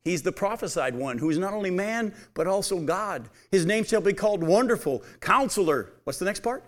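Guy preaching, high voice, reads scripture then hits the crowd w/ questions. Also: expressive, fairly quick. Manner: emphatic, asks the audience questions. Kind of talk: sermon with Bible reading.

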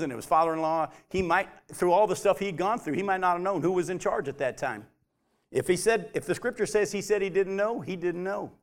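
High-voiced man preaching with big swings. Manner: animated preaching, swinging from loud emphatic highs to quiet low asides. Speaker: pastor. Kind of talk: sermon.

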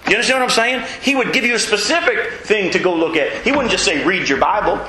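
A man preaching a sermon in a folksy, emphatic way, with self-mocking humor and sudden high leaps in pitch to stress his points. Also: animated, fast, sharp tone, reverberant, slight background noise, poor audio. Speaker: pastor.

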